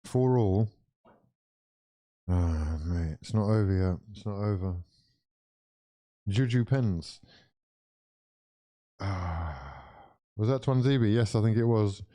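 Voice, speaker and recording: A young English man streaming a football watch-along, swearing freely and swinging between weary groans and loud outbursts of disbelief. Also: lowish voice, slow pace, long pauses. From England. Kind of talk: live football reaction commentary.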